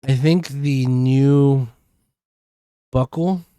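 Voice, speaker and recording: A man's voice: mid-range voice, fairly even intonation, drawn-out words, mellow, clean tone, dry recording, studio quality. Man casually recapping a show. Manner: rambling, many fillers. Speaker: podcast co-host. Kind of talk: casual chat recapping a TV episode.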